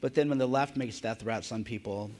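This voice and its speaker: A man interviewing guests on stage at a conference, asking questions in a quick, casual, conversational way. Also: mid-range voice, darkish tone.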